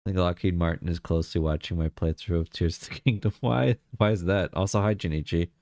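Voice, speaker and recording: Chatty low-voiced male streamer. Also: fairly even intonation, fast, a little mellow, dry recording, studio quality. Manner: chatty, greets viewers by name, laughs easily. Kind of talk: casual live-stream chat.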